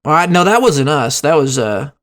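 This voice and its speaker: A man's voice: a little high, very animated, normal speed. Joking man playing a tabletop game. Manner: joking, laughs often, puts on voices for his monkey character. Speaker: player. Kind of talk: tabletop role-play banter.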